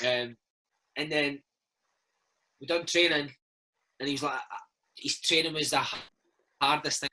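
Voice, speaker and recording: A Scottish man in his thirties, a former footballer, telling animated stories in a casual interview and slipping into impressions. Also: a little high, normal speed, pauses often, husky, low-quality recording. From Scotland. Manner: animated storyteller, slips into impressions of his old coach.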